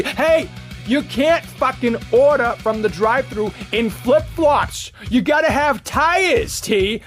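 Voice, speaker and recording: A man's voice: very high voice, lively intonation, measured pace, soft background music. Profane ranting man cutting a wrestling promo. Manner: profane, mocking, shouting rants. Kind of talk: trash-talk wrestling promo.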